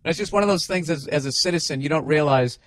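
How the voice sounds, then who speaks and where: Fast-talking in a slightly high voice, this middle-aged podcast host rants and tells stories casually, with heavy swearing and loose restarts. The delivery is profane and animated, and the recording is dry and studio quality.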